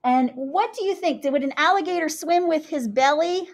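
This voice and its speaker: A young woman teaching young children, animated and sing-song as she chants rhymes and talks through each step. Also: high-pitched, normal speed. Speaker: kindergarten teacher.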